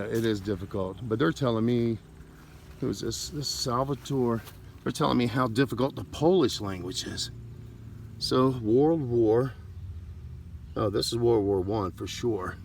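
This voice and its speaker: A man's voice: on the low side, darkish tone, a little hiss or hum. A man casually narrating a walk through a cemetery, rambling and stumbling over names as he reads gravestones. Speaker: cemetery tour vlogger. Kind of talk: casual walking commentary. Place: outdoor cemetery.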